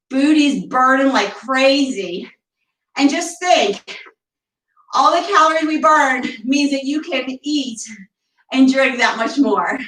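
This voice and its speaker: A high, fairly bright female voice guides a barre class in a home room, cheering participants on and counting each rep. She adds chatty asides and sounds slightly winded. The recording is rough, roomy and made from afar.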